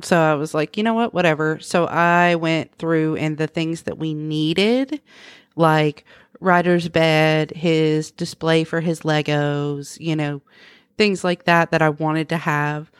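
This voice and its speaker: A woman co-host in casual chat, chatty and quick to laugh. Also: low voice, fairly even intonation, clear, resonant tone, no room sound, clean studio sound.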